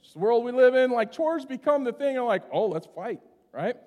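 A middle-aged pastor delivers a sermon in a church sanctuary, with a fairly high voice for a man. He talks conversationally and tells stories, punctuating his points with "right?". A long reverb trails each phrase in the hall. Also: a little fast, a little mellow. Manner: conversational, storytelling, keeps asking "right?".

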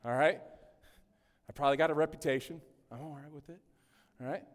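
A pastor gives a chatty, joking sermon, frequently putting questions to the congregation, with long hall reverb on the recording. His voice is a little high, brisk, and fairly even in intonation.

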